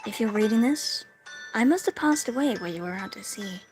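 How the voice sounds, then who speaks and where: A woman voicing a dying young wife, reading a loving farewell letter in a gentle tone. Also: mid-range voice, expressive, a little fast, over music, lightly acted. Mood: tender. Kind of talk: video game dialogue reading.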